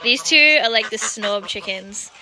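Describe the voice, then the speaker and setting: A woman's voice: a little high, a little slow. A young British woman giving a chatty farm tour as a vlogger, cooing at the animals in a sing-song voice. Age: young adult. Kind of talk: casual farm tour vlog. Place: outdoors on a farm. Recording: noisy outdoor audio with animal sounds.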